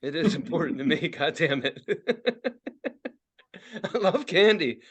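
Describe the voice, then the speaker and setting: A man's voice: fairly high pitch, sing-song, slow, breathy edge, dull audio. A man in his forties ranting and swearing as a podcast co-host, laughing often in casual talk. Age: 40s. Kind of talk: casual profane podcast rant.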